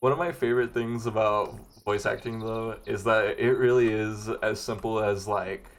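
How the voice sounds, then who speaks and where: A young man with a deep voice co-hosting a podcast, chatting casually in a rambling way and laughing often. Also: fairly even intonation, normal speed. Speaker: podcast co-host. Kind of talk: casual chat.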